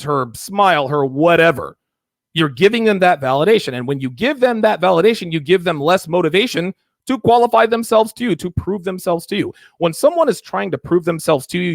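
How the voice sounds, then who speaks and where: Host, male, gravelly and slightly high-pitched voice, emphatic and repetitive, dry close recording. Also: animated, a little fast, no room sound. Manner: emphatic, repetitive, acts out mock dialogues. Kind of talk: call-in dating advice show.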